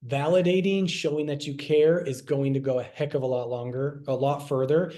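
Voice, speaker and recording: Mellow-voiced man teaching casually. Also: mid-range voice, steady tone, moderate pace. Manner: conversational, repeats himself, acts out quoted lines. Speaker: health class presenter.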